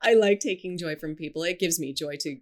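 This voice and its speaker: A woman with a slightly low voice chats casually on a podcast. She rambles with lots of fillers and keeps breaking into giggles. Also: brisk. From Scotland and China. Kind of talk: casual chat.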